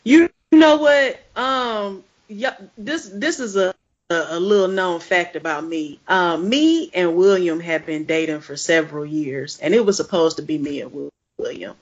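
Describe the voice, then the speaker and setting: A woman's voice: lowish voice, expressive, moderate pace. A woman co-hosting a podcast, telling mock-serious jokes in casual chat. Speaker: podcast co-host. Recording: muffled lo-fi podcast audio.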